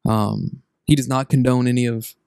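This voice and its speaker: A man's voice: medium pitch, steady tone, normal speed, gravelly, darkish tone, clear, resonant tone, no room sound, clean studio sound. A young man hosting a casual sports podcast, teasing his co-hosts and moving the picks along. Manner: joking, teasing, runs the segments. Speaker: podcast host.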